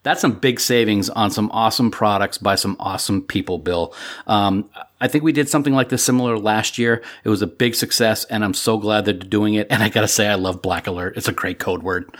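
A man with a somewhat low voice doing an upbeat sponsor read for his podcast. He spells out dates and a discount code carefully. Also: fairly quick. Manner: upbeat, enunciates dates and codes. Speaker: podcast host reading sponsor ad.

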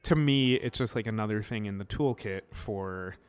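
Male host, low resonant voice, relaxed, asks thoughtful questions. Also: moderate pace, clear, resonant tone. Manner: easygoing, asks reflective questions. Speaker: podcast host. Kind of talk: casual chat. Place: studio.

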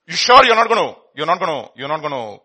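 A preacher putting on an excitable high-voiced emperor. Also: male voice, fast talker, breathy edge, exaggerated voice. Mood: eager. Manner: incredulous, exclaiming. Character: excitable generous emperor in disguise, man.

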